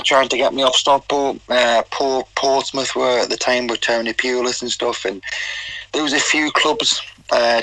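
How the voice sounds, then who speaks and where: Casting: middle-aged Geordie man, rambling anecdotal guest, bright tone, dry close sound. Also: mid-range voice, dry recording, rough recording. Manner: rambling anecdotes with quoted dialogue and restarts. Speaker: guest, former footballer. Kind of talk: casual interview storytelling.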